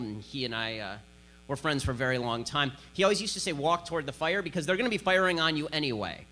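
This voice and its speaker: Combative man giving a bright speech. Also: a little high. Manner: combative, sarcastic, emphatic. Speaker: conservative speaker. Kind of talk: political speech to an audience.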